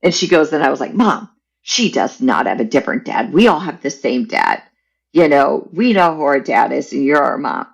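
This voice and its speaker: A woman guest on a podcast, telling a personal family story in a candid, animated way. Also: low voice, normal speed, gravelly, breathy edge, poor audio.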